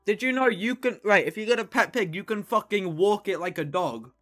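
A man's voice: high voice, fairly quick, fairly bright tone, soft background music. A male streamer joking crudely and rambling while playing a game with a friend. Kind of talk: casual gaming banter with a friend.

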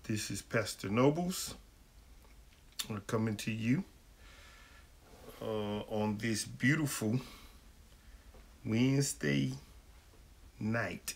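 A man's voice: lowish voice, extremely slow, long pauses, husky. A man, a pastor hosting a livestream question-and-answer session and greeting viewers by name in a folksy way. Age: adult, married.

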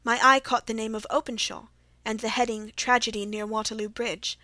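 A woman's voice: a little high, level tone, normal speed, bright, forceful tone, dry recording. A woman reading the part of Watson, a loyal male companion, in an earnest way in a dry audiobook recording.

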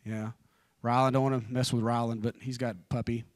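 A man in his forties preaching an evening church sermon, telling personal stories informally with joking asides, and dropping low and fervent in prayer. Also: level tone, a little fast, no room sound, clean studio sound. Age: 40s.

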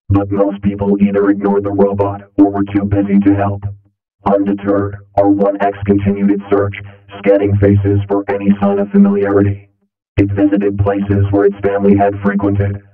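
A man narrating a calm bedtime story in a slow, soothing, even manner. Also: on the low side. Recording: echoey tinny distant line, music.

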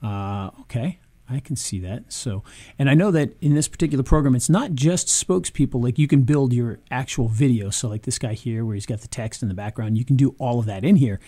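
A man casually reviewing software on screen, chatty, with frequent ums and restarts. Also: mid-range voice, fairly quick, no room sound. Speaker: video marketing reviewer.

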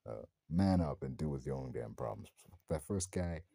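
A man's voice: very deep voice, lively intonation, moderate pace, gravelly, dark tone, breathy edge, no room sound. A man giving a casual, rambling spoken film review, full of slang and swearing. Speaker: movie reviewer.

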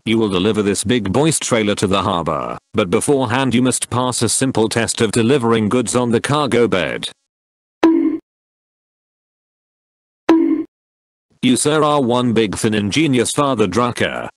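A man plays a shady dealmaker with a slow, sly patter. The voice sits low and dry. Every offer sounds like a con. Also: animated, no echo, close to an everyday voice. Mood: commanding.

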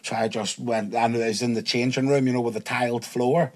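A man's voice: medium pitch, fairly quick. A man guesting on a casual podcast, telling school stories with lots of swearing and acted-out voices. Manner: animated storytelling, swears freely, acts out quoted voices.

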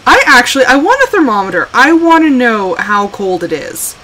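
A woman's voice: a little high, sing-song, normal speed, bright, forceful tone, a little hiss or hum, low-quality recording. A woman streaming a survival game live, chatting casually and exclaiming, scolding her game character as she plays. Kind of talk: casual live gameplay commentary.

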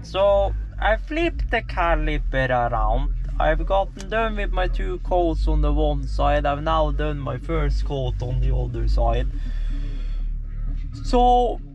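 A man's voice: a little high, expressive, slow, a little mellow, highs cut off, soft background music. A tired man streaming himself as he works on his car, chatting casually and swearing a lot as he rambles through what he is doing. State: tired, yawning. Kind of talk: casual livestream chat while doing car repairs.

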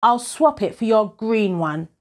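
A woman's voice: a little high, expressive, a little slow, a little hiss or hum, pitched above the performer's own voice. A woman playing a boastful, stubborn young boy.

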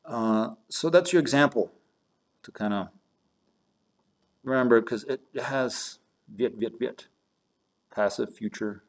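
Guy with a lowish voice teaching german, walks through examples, spells stuff out, at a desk mic. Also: a little mellow. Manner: explains step by step, spells words out, mixes German and English. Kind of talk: recorded online lesson. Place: home office with a squeaky chair.

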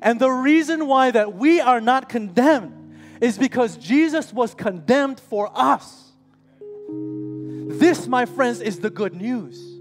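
A male preacher in his forties delivers an emphatic, heartfelt sermon with a notably high voice. His words carry a long reverb off the church walls. Soft music plays faintly underneath. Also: expressive, slow. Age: 40s. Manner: impassioned, emphatic, addresses listeners as friends. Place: church sanctuary.

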